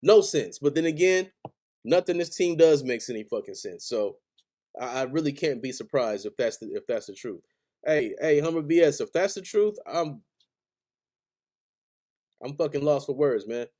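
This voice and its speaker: A man's voice: mid-range voice, expressive, moderate pace, pauses often, warm tone. A man hosting a sports podcast, angrily ranting as a frustrated fan in heated, profane, repetitive bursts. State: angry. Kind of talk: angry fan rant on a live stream.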